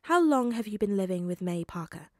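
A woman reading a fan story aloud, voicing a calm, controlled male FBI agent who speaks gently and evenly. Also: mid-range voice, no echo, studio quality. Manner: gentle and measured.

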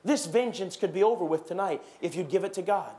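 A man preaching a sermon in a church, animated, acting out gossiping churchgoers with raised voices. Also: sits high, a little fast. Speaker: pastor. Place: church sanctuary.

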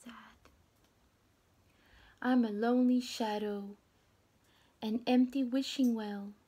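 Woman teacher, storybook read-aloud for children, unhurried, breathy, gentle whispers, questions to the kids. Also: a little high, fairly even intonation. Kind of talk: reading a picture book aloud to children.

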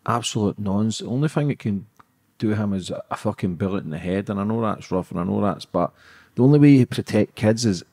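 Blunt low-voiced podcast host. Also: male voice, fairly quick, warm tone. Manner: blunt, outspoken, swears freely. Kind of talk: casual interview talk.

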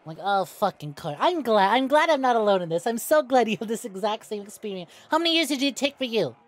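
A young woman streaming a game, chatting casually with viewers, excitable and quick to swear. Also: a little high. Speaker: VTuber streamer. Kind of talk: casual gameplay stream chat.

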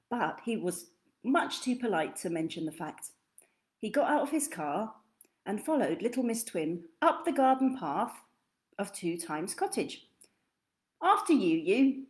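With a mid-range voice, a woman reads a children's picture book aloud in an expressive, sing-song storytelling style.

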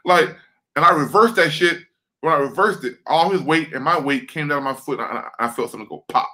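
Over a video call, a former football lineman tells a story in an animated, profane way, swearing a lot and repeating words. His voice sits on the high side and runs fairly quick, and the audio is poor.

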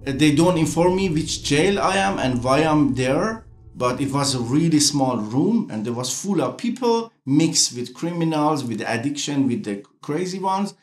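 A man from Iran, giving a documentary interview in halting English full of restarts. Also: on the high side, expressive, roomy sound, soft background music. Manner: halting non-native English with frequent restarts. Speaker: interviewee artist.

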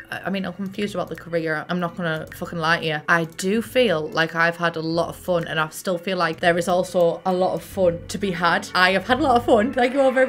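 Young woman, Teesside accent, casual gaming commentary, sweary and excitable, mid-range voice, faint music behind. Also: medium pitch. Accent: Teesside English. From Middlesbrough, England. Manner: excitable, sweary, gasps and chats to the characters. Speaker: gaming YouTuber. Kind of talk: casual let's-play commentary. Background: faint game music.

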